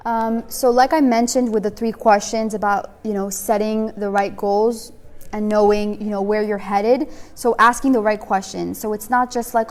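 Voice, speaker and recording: A woman's voice: mid-range voice, fairly even intonation, normal speed, darkish tone. A young adult woman teaching a women's class in a casual, chatty way, full of "like" and "you know", often acting out little conversations. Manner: chatty, filler-heavy, acts out little dialogues.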